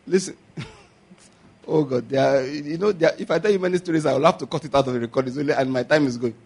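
Nigerian preacher guy, high husky voice, keeps repeating himself and laughing. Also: fast talker, a little mellow. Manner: emphatic, repetitive exhortation with frequent chuckles. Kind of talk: sermon.

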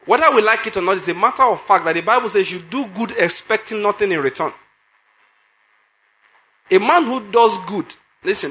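High, bright-voiced preacher. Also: male voice. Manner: emphatic, repeats phrases, asks the congregation questions. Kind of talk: sermon.

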